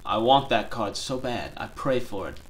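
A young man casually chatting on a live stream from home, chatty and excitable. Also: mid-range voice, moderate pace, a little hiss or hum. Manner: chatty and excitable, laughs easily. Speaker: card-collecting streamer. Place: home room.

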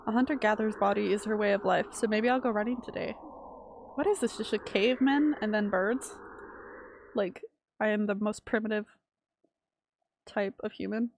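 A woman streamer reading a visual novel aloud and reacting with sudden excited exclamations. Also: medium pitch, normal speed, vocal fry, long pauses, a little hiss or hum. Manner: reads game text aloud, breaks into excited exclamations.

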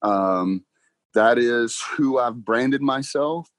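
A young man, a car salesman guest telling his story in a casual interview, excited and quick to laugh. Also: medium pitch, no echo. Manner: excited, laughs often, talks fast with "like" and "bro".

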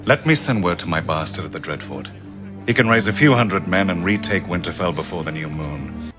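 An actor playing a cold, calculating middle-aged lord in a television drama, speaking in a calm, measured, quietly menacing way. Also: male voice, sits low, music in the background. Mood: scheming.

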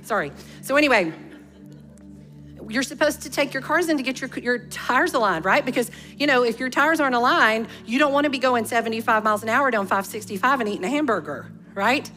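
Animated woman preaching a sermon. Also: on the high side, brisk, faint music behind. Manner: animated, conversational preaching with rhetorical questions. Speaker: pastor.

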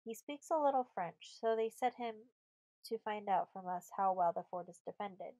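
A woman reading an audiobook voices an escaped young male captive with a husky, breathless voice. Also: mid-range voice, animated, normal speed, warm tone, lightly acted, low-quality recording. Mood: urgent.

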